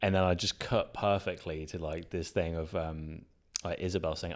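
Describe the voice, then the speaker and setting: Man, very low voice, casual chat, guest filmmaker, animated, laughs a lot, swears casually. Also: normal speed, few pauses.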